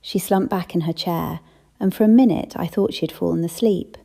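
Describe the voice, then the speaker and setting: Gravelly-voiced woman narrating an audiobook. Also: fairly low pitch, normal speed, warm tone. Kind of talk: first-person audiobook narration.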